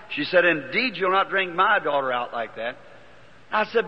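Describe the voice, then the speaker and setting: Folksy preacher on an old recording. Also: male voice, on the high side, animated, unhurried. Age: 50s. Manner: folksy storytelling, acting out voices of people in the story. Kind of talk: sermon storytelling. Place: large hall before a congregation. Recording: dull lo-fi archival sermon recording with long hall reverb.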